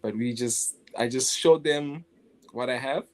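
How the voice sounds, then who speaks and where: Unhurried and mid-range in voice, a young man from South Africa talks as a guest animator in a casual interview. He stays relaxed, laughing often and restarting his phrases.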